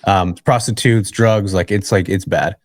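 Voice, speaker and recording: A relaxed man from California tells a story as an interview guest, in a chatty, easygoing way. His voice sits fairly low. The recording is dry and close, with no room sound. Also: unhurried, no echo. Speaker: guest, real estate investor.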